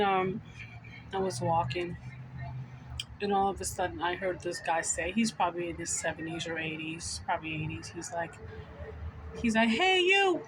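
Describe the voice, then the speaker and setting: A woman's voice: on the low side, slight background noise, low-quality recording. Chatty woman telling a story. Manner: chatty, animated retelling. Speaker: vlogger. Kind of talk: casual storytelling vlog.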